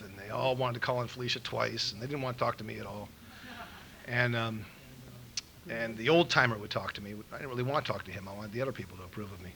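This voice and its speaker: A middle-aged man from Los Angeles speaking at a recovery meeting, telling an animated story and acting out the quotes. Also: mid-range voice, creaky, poor audio. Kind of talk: storytelling talk. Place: meeting room in a school.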